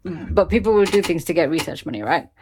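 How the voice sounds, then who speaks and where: A woman's voice: on the low side, animated, quick pace, a little mellow, a little hiss or hum. Woman on a podcast, blunt and sweary, dead set in her opinions, chatty. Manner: blunt, emphatic, swears freely. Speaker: podcast co-host. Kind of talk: casual chat.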